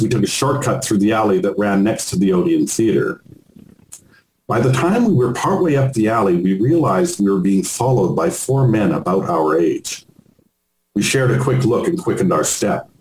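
A man reads aloud from his own memoir in a measured storytelling voice, pitched on the low side. The recording sounds roomy, with a faint hiss behind it. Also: a little mellow. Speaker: author reading his memoir. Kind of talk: memoir reading.

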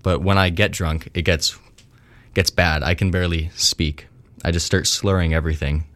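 A man's voice: low voice, a bit bright. A young man hosting a radio show, chatting casually and rambling between songs, with a slightly slurred way of talking. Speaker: radio host.

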